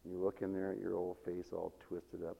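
A man preaching a sermon, animated and laughing often, swinging from loud to soft. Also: low voice, normal speed, vocal fry, long reverb tail, lo-fi sound.

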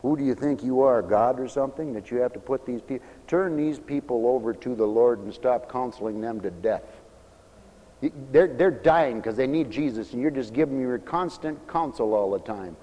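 A man preaching a sermon with great fervor, swinging from shouted exhortations to low, confiding asides. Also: moderate pace. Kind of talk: fiery sermon. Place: church hall, also broadcast on radio. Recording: long hall reverb.

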